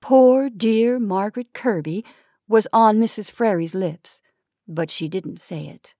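A narrator from the San Francisco Bay Area reads vintage short stories aloud in a measured storytelling style, lightly voicing the dialogue. Her medium-pitched voice is mellow, with studio-quality sound and no room noise.

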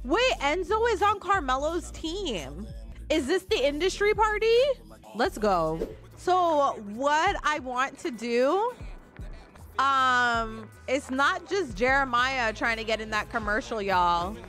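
A woman with a fairly high voice chats through a life-sim game, swearing freely and dropping into her characters' thoughts. Her talk is loose and conversational. Music plays clearly under her voice. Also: big pitch swings, slow, bright, forceful tone. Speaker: gameplay commentator. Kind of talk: casual let's play commentary.

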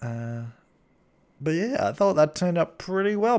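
Young male game-channel host, fairly high voice, rambling self-mocking commentary. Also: sing-song, a little slow, a little mellow, clear, resonant tone. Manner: chatty, rambling, self-mocking, frequent restarts. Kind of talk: voice-over commentary on a building game.

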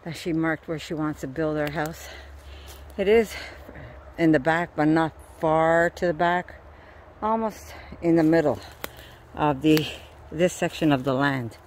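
A woman's voice: sits low, fairly even intonation, measured pace, slight background noise. A middle-aged woman, tired and out of breath, chatting casually as she walks through the woods filming on her phone. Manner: rambling, breathy asides while walking. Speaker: vlogger. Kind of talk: casual walking vlog. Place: outdoors in woods.

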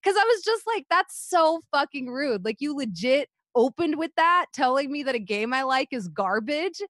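A young woman co-hosting a podcast tells stories in casual, animated chat, full of "like" and frequent swearing. Her voice is high-pitched at a normal speed, and the recording is dry and studio quality.

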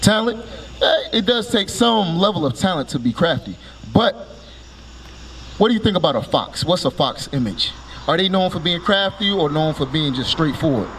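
A man with a high voice preaching outdoors, barking short commands to read and then expounding. He keeps asking his listeners questions to pull them in. Faint street ambience sits behind him. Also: animated, moderate pace, fairly bright tone, slight background noise. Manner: commanding, calls for each scripture reading with a curt "Read", then explains it; quizzes listeners with repeated "right?" and rhetorical questions. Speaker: street preacher teaching passers-by.

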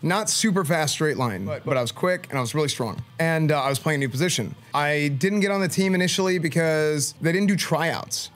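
A man, a streamer, telling a story in casual talk, animated and full of filler words. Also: fairly high pitch, a little fast, few pauses, faint music behind. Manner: animated, lots of filler "like", acts out quoted speech.

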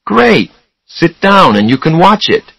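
A man reading a storybook voices a literal-minded grown man who repeats words flatly. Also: fairly high pitch, moderate pace, dry recording, pitched above the performer's own voice, lightly acted. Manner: repeating, flat.

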